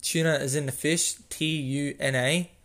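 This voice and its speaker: A man's voice: a little high, fairly even intonation, moderate pace, fairly bright tone. A young Australian man hosting a casual solo podcast, rambling, losing his train of thought and correcting himself with small laughs. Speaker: podcast host.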